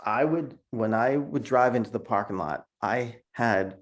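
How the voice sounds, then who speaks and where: Middle-aged man, cartoonist guest, animated storytelling, laughs a lot, video call. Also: medium pitch, a little slow. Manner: animated, laughs often, repeats words. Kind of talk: casual interview storytelling.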